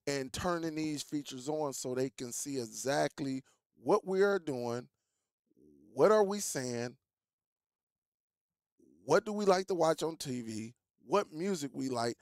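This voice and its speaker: A man's voice: medium pitch, a little mellow, dry recording, clean studio sound. A man hosting a tech vlog, talking casually and with feeling, repeating words for emphasis and calling his viewers y'all. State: coughing, throat catching. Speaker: tech YouTuber.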